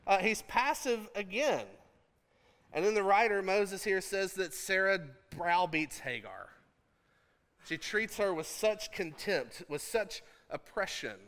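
A male pastor preaching a sermon in an animated, conversational, jokey way. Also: sits high, slow, in a large hall.

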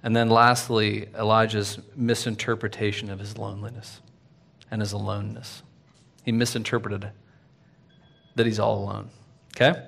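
A man preaching a sermon in a casual, conversational way, full of fillers and "right?", swinging from loud and lively to quiet. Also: on the low side, moderate pace, gravelly, pauses often. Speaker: pastor.

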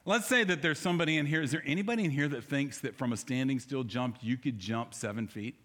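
A man delivers a sermon from a church pulpit, his pitch sitting in an ordinary middle range. He talks straight to his congregation and fires off rhetorical questions. His voice rings out with a long reverb through the big sanctuary. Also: fast talker, few pauses, fairly bright tone. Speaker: pastor.

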